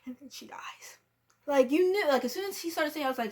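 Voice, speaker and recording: Reviewing a film in a casual, chatty way, a woman with a high-pitched, animated voice talks a little fast. She performs the characters' lines and now and then slips into soft, almost whispered asides.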